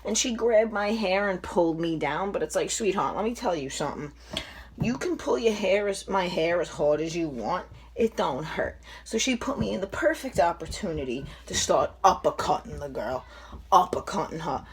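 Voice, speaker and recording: A woman's voice: on the low side, lively intonation, normal speed, slightly rough. A young woman telling a brash, swearing story for her vlog, recorded indoors on a camera mic. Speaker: vlogger.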